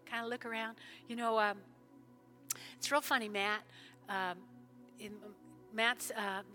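A woman pastor preaching in a church service, fervent, with sudden loud bursts and soft prayerful stretches. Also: a little high, fairly even intonation, a little slow, soft background music. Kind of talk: sermon with altar call prayer.

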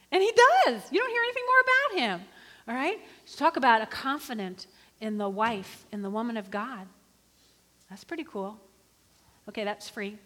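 A middle-aged woman preaching a sermon in an animated, conversational way, often calling for the congregation to respond. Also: high voice, normal speed. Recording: reverberant hall.

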